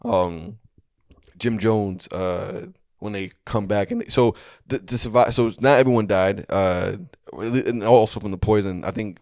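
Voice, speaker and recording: A young man telling a story on a comedy podcast, rambling along with many fillers and restarts. His voice sits low. It is recorded dry and close on a podcast mic. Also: measured pace, a little mellow, no room sound.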